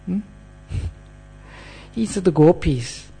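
Male preacher with a high voice, earnest and unhurried, explaining scripture to a class. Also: animated, creaky, dark tone, slightly rough. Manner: earnest, checks in with listeners by asking "hmm?". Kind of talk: sermon.

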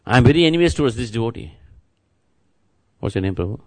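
A man's voice: medium pitch, very animated, fast, a little mellow. A man giving a devotional sermon as a spiritual teacher, repeating words and chants and speaking straight to his listeners. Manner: repetitive, chant-like, addresses listeners directly.

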